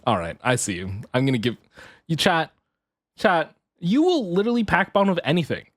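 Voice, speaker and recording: A man's voice: a little high, wildly swooping pitch, fairly quick, dry recording, studio quality. A man streaming casually as a VTuber. He swears, laughs often and rants half-jokingly. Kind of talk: casual live-stream chat.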